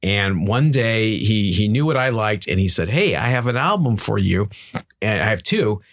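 Man, low voice, podcast co-host, relaxed storyteller. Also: moderate pace. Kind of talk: casual podcast chat.

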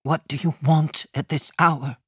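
A woman playing a scared young mother in an audiobook, speaking low and hushed in a deep, slow voice as she pleads. The sound is dry and close to the mic. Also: steady tone, husky, no room sound, full character voice. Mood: hushed, pleading.

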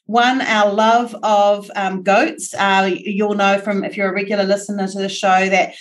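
Kiwi woman hosting a podcast, bubbly and chatty, laughs a lot, medium pitched voice. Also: little pitch movement, moderate pace. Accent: New Zealand. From New Zealand. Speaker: podcast host. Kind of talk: casual podcast interview.

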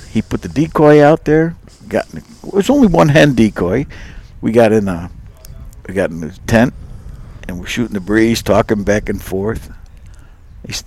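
A man's voice: fairly low pitch, creaky, breathy edge. A man telling a hunting story as a podcast guest, acting out the dialogue and laughing often. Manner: lively, laughing storyteller who acts out both sides of dialogue. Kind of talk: animated storytelling.

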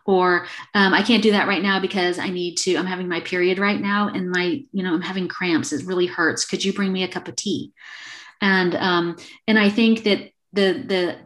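A middle-aged woman speaking earnestly as an interview guest, often acting out little quoted exchanges in a casual way. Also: fairly low pitch.

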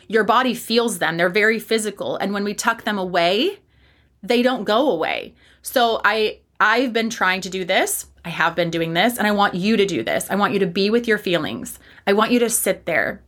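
A woman hosting her own fitness podcast speaks candidly and with emphasis. She swears casually and hammers points home by repeating them. Her voice is bright and forceful. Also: mid-range voice. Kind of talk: solo podcast monologue.

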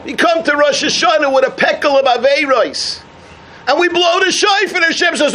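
A man giving a sermon full of jokes and parables, telling them with energy and shouting out the punchlines. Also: very high-pitched, moderate pace. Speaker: rabbi giving a talk.

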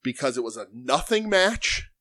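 A man's voice: mid-range voice, sing-song, normal speed, pushed and bright, dry recording. A man co-hosting a podcast in casual chat, mocking and profane, laughing often. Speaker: podcast co-host.

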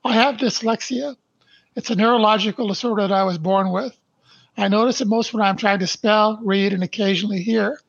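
Older man, slow and emphatic, dull lo-fi audio. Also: sits high, steady tone, gravelly, no room sound. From Canada. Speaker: podcast guest. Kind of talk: interview, reading his life story aloud.

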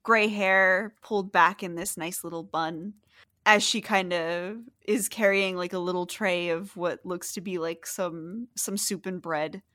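A woman's voice: lowish voice, fairly even intonation, a little slow, a bit bright, no room sound, studio quality. A woman narrating as game master, describing scenes in a playful way with lots of fillers.

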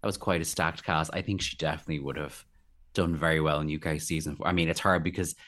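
A man chatting as a podcast guest, animated and quick to act out other people's lines in playful voices. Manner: animated, acts out quoted voices in high pitch. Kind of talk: casual chat.

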